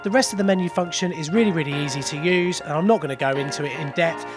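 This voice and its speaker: A man's voice: fairly high pitch, fast talker, over music. A man, a plumber, explaining his work in a chatty, jokey how-to vlog while indoors in a house. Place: boot room of a house, indoors.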